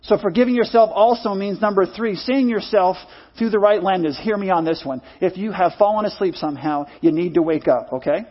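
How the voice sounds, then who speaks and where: A middle-aged man preaches from the pulpit with a high, husky voice, repeating his points earnestly and calling the congregation to answer back. The recording is dull and lo-fi. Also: fairly quick. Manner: earnest, repetitive preaching with call-and-response. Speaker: pastor. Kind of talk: sermon.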